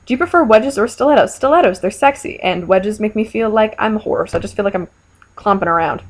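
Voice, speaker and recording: A young woman chatting to her camera as she answers viewer questions, frank and playful. Her talk is loose and full of fillers, and she speaks at an ordinary, mid-range pitch. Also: quick pace. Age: young adult. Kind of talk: casual chat.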